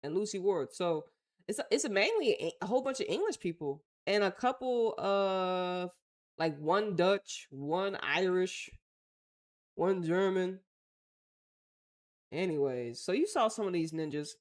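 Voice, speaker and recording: A woman's voice: fairly low pitch, animated, a little slow, darkish tone. A woman with an American accent hosting a casual talk show, reading news aloud and reacting bluntly in slangy, offhand remarks. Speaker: host.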